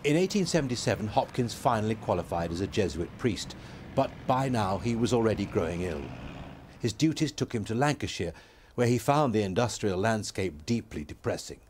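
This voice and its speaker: A man's voice: lowish voice, expressive, a little fast, a little mellow, a little hiss or hum. A man narrating a documentary script with a storytelling delivery.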